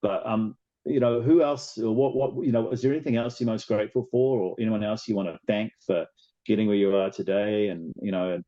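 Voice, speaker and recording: Kiwi guy w a bit of yank accent, chatty host, low mellow voice, muffled lo-fi sound. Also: fairly even intonation, brisk. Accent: New Zealand, a little American. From New Zealand. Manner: chatty, enthusiastic, long winding questions. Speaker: interview host. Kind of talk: casual interview chat.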